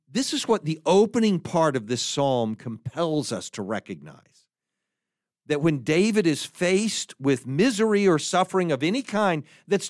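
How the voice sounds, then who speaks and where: A middle-aged male pastor giving a sermon, animated and acting out voices as he tells a joke. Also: fairly high pitch, dry recording, studio quality. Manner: animated, acts out voices in anecdotes and jokes.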